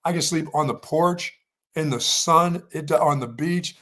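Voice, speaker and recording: A man's voice: fairly high pitch, unhurried, bright, forceful tone. Rambling man co-hosting a radio show. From Pennsylvania. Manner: rambling, repeats himself, stammers. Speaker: sports radio co-host. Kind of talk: casual morning show chat.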